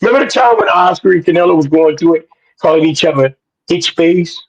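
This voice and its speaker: A man co-hosting a boxing podcast, loud and preachy, full of slang, sometimes shouting. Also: fairly high pitch, expressive, brisk, slightly rough, muffled recording. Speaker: podcast co-host. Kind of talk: animated boxing talk.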